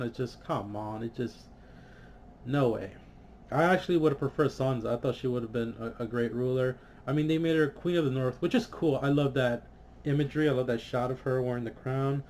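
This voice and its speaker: A man's voice: medium pitch, a little hiss or hum. Exasperated man ranting casually. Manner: frustrated, swears, many fillers, animated. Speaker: vlogger reviewing a TV episode.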